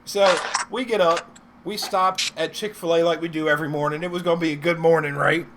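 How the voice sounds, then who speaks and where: A young man co-hosting a casual live-stream chat show, telling stories in a lively, profane way. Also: on the high side, a little fast, background noise. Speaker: co-host.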